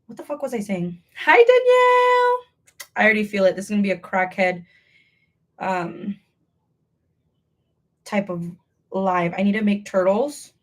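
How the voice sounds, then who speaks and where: A woman's voice: mid-range voice, moderate pace, long pauses. A young woman hosting a casual crochet livestream from home, talking to viewers while she works, bubbly and rambling, often joking at her own expense. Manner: bubbly, rambling, self-deprecating.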